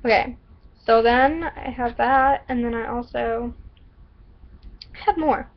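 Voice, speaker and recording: A woman's voice: on the high side, slow, long pauses, highs cut off. A woman from the Southern US vlogging and reading her own story aloud, chatty and giggly, often interrupting herself. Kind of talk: casual vlog and story reading.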